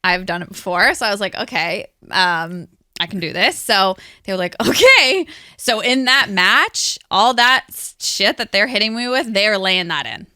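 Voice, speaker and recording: Woman in her 30s, interview guest; bright, tense tone, close and dry sound; animated storyteller. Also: medium pitch, moderate pace, no room sound. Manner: animated, acts out quotes, says "like" often. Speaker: interview guest, former pro wrestler. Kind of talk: casual storytelling.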